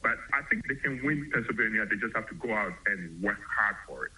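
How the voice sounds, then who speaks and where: A man who is a professor, giving measured political analysis in an interview. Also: on the low side, animated, sharp tone, slightly rough. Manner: measured, explanatory. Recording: dull lo-fi remote line.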